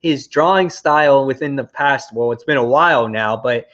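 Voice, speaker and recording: A man's voice: medium pitch, moderate pace, fairly bright tone, lo-fi sound. A young man hosting a live comic book review show, talking casually with lots of fillers and exasperated rants. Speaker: host.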